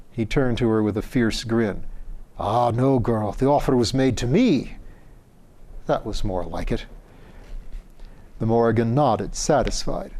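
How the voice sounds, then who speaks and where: A man reading a story aloud as narrator, in a measured and expressive way. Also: mid-range voice.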